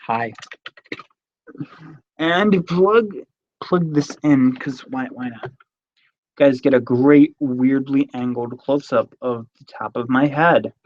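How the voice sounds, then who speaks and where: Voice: medium pitch, takes it slowly, long pauses, a little mellow, highs cut off. A young adult host chatting casually on a live stream at home, telling rambling stories in a chatty way. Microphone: device camera mic close up.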